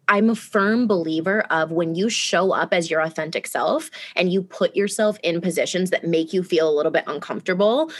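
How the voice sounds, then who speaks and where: A woman telling a personal story in casual chat, animated and laughing as she acts out quotes. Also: lowish voice.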